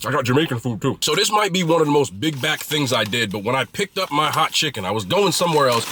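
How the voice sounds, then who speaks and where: A man's voice: on the high side, big pitch swings, fast talker, few pauses, background noise. A man casually reviewing food he is eating, chatty and blunt, with loose slangy talk.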